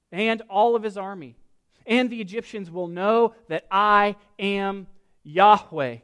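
A male pastor delivering a sermon in a fairly high voice. He swings between quiet explanation and loud, slowed-down readings of scripture, with casual jokes thrown in. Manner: animated, rises loud when reading scripture, jokes asides.

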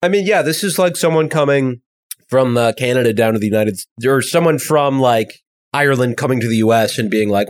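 A man's voice: mid-range voice, fairly quick. An American man co-hosting a podcast, chatting casually and rambling through jokes with some swearing and self-deprecation. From United States. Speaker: podcast co-host. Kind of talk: casual comedic chat.

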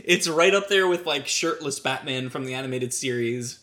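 A man's voice: medium pitch, moderate pace, bright, forceful tone. A man co-hosting a podcast, chatting casually, laughing often and rambling with filler words. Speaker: podcast co-host.

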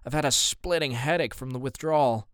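A man's voice: mid-range voice, a little fast, fairly bright tone, smooth, no room sound, studio quality, close to an everyday voice. A man voicing an ill, easygoing father with a wry, tired manner, in an audiobook. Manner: laid-back, wry. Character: sick, easygoing middle-aged father.

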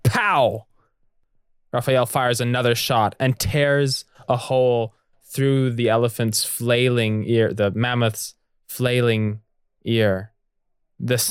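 A man's voice: mid-range voice, clean tone, no room sound. A man improvising a spooky story with a jokey, stammering delivery. His voice sits in a middle range, recorded close and dry with no room sound. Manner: jokey, laughs often, stammering restarts. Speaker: co-narrator of a story podcast.

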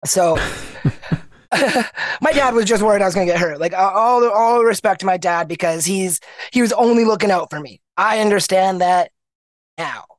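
Young Canadian man, high voice, dry close sound; guest who tells animated, acted-out anecdotes. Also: moderate pace, no room sound. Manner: animated storyteller, acts out quoted people. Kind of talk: casual interview chat.

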